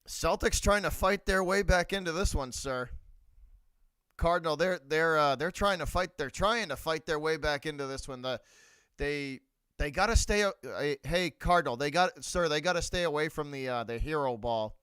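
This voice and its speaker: A man's voice: a little high, normal speed, smooth, dry recording. A man with a Boston accent hosting a live sports reaction stream, talking bluntly and repeating his points. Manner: blunt, repeats himself, shouts out viewers. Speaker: livestream host.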